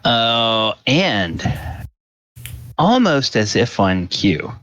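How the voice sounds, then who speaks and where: A man narrating a tabletop game as game master, slow and halting, with many fillers. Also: medium pitch, very animated, fairly bright tone, no room sound, muffled recording.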